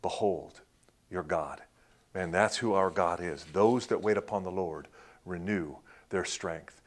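A middle-aged man preaching a sermon as a pastor, telling stories dramatically, swelling loud and dropping to a hush. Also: deep voice, measured pace.

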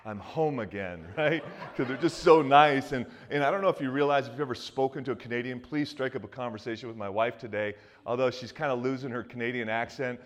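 A man's voice: medium pitch, fairly even intonation, fast, hardly any pauses. A man in his fifties from the US Northeast, preaching a sermon in a loose, joking, conversational way with many restarts and asides. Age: 50s. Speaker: pastor.

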